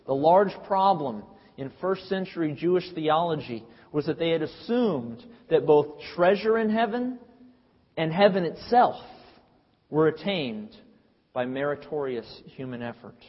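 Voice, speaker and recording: A man with a fairly high, husky voice delivers a sermon with emphatic, preacherly conviction. The sound is dull and lo-fi, and a long hall reverb trails after his words, as in a large church. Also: animated, unhurried. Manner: emphatic, preacherly, with acted quotes.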